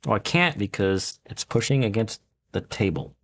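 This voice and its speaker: A man casually talking to himself while soldering at a home workbench, thinking out loud in a laid-back way. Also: on the low side, sing-song, moderate pace. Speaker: hobbyist fixing his gear.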